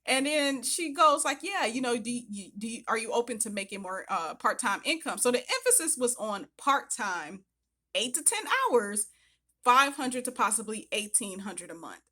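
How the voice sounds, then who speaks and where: A woman vlogger chatting casually to camera, retelling her experience in an animated, chatty way and acting out what others said. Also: fairly high pitch, moderate pace.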